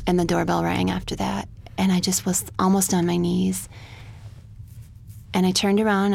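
A woman telling a personal story of loss as a radio guest, soft-spoken and halting, sometimes dropping to a whisper. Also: medium pitch, gravelly. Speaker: guest, military widow.

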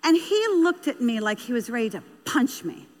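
A woman speaking on parenting tells an anecdote earnestly to an audience, repeating key phrases for emphasis. Her voice is a little high and sing-song at a normal speed, and the recording carries long hall reverb.

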